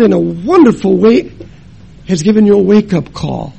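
An older man preaching a sermon and telling his own story, dramatic, moving between loud emphasis and hushed tones. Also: sits high, very animated, normal speed, creaky, husky. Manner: acts out family members' voices in his story. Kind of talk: sermon with personal testimony.

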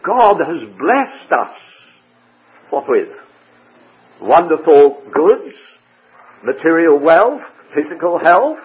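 A man teaching through a Bible passage verse by verse, measured and full of rhetorical questions. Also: on the high side, very animated, breathy edge. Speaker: preacher. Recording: tinny phone-like radio broadcast.

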